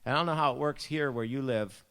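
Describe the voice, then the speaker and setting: A man from Buffalo, New York, with a mid-range, fairly bright voice and a Buffalo accent talks fast through a personal story at a church devotion. Chatty and self-mocking, he acts out the voices in his anecdotes.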